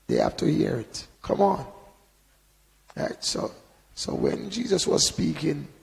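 Gravelly man preaching in a reverberant hall. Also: on the high side. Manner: conversational preaching with frequent "you know" and sudden loud emphasis. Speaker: Bible teacher. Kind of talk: informal sermon.

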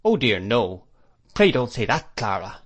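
A man's voice: medium pitch, lively intonation, moderate pace. A man voicing a stern, disdainful spinster woman in an audiobook. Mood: cold disdain. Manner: sharp, disdainful. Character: harsh stern spinster sister.

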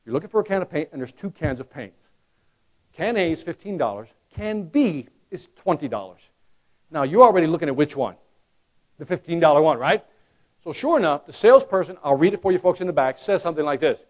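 A man giving a lively sales training talk to a live audience, acting out customer voices and joking with the crowd. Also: on the high side, fairly quick. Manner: animated, acts out customer voices, jokes with the crowd. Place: conference hall.

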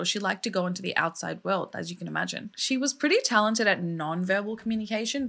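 A woman's voice: mid-range voice, creaky, a bit bright. Indignant, emotional woman vlogger. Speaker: true crime vlogger. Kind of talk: casual storytelling vlog.

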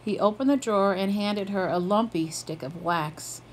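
Brief: woman narrator for a children's picture book, medium pitch, animated dialogue, light background noise. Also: normal speed, low-quality recording. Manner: lively, puts up her pitch for characters' quoted lines. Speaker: storybook reader.

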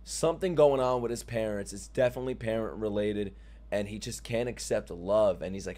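A man reacting to an anime episode, excitable and profane, often breaking into exclamations. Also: on the low side, fairly quick. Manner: excitable, swears a lot, exclaims. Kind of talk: casual reaction commentary. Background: anime soundtrack playing.

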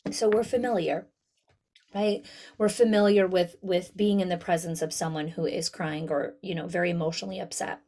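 Lively woman coaching school leaders. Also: fairly low pitch, normal speed. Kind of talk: webinar talk. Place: online town hall, video call.

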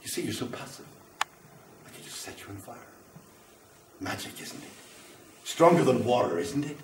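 A man's voice: mid-range voice, very animated, normal speed, background noise, lightly acted. A man acting a grandiose, lonely figure who is fire itself, in a live spoken-word stage show, swinging between boasting and apology. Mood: grandiose menacing. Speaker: stage performer. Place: theatre stage. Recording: roomy live venue from far off.

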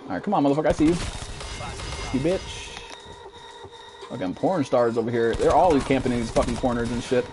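A man in his twenties, a streamer giving profane, excitable commentary while playing a shooter, jumping into high-pitched outbursts. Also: a little fast, long pauses. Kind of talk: live gameplay commentary.

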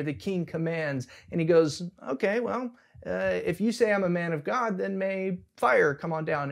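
Casual pastor, man, fairly high voice, chatty and humorous in the pulpit. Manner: conversational, humorous retellings. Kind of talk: casual sermon. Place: church service.

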